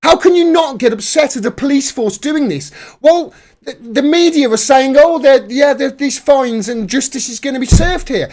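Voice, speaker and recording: A man's voice: extremely high pitch, moderate pace, darkish tone. A man hosting a live political commentary stream, ranting angrily and swearing often. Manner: angry, profane, heated ranting. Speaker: political commentator, livestream host.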